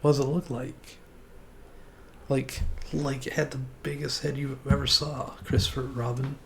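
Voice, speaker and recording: A man voicing a timid tiny male piglet who stammers and gasps in breathy bursts while reading a storybook aloud. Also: mid-range voice, steady tone, measured pace, darkish tone, a little hiss or hum, natural voice. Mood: breathless.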